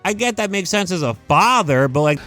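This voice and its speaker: Animated young man ranting with lots of "like". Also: sits high, fairly quick, soft background music. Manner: animated, heavy use of "like", emphatic rants. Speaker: YouTube movie commentator. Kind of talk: casual ranking commentary.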